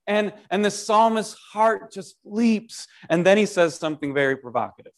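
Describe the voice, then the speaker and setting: A preacher gives a short devotional sermon in an animated, conversational style, often restarting his sentences and putting rhetorical questions to the listener. His voice sits high, and he speaks at a normal speed with few pauses.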